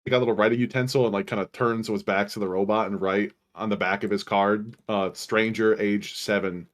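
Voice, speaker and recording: A man's voice: fairly low pitch, fairly even intonation, fairly quick, hardly any pauses. A man playing a tabletop game, talking in a playful, jokey way. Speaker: player. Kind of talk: casual tabletop play.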